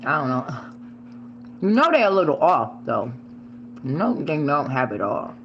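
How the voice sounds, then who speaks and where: A woman vlogger tells a story over dinner in a loose, animated way, swearing as she goes. Her pitch swings freely and jumps up sharply when she acts out her own shouting. The recording is slightly dull, with a faint hum underneath. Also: normal speed. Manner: animated, shrieks quoted lines, swears freely. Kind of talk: casual storytelling while eating on camera.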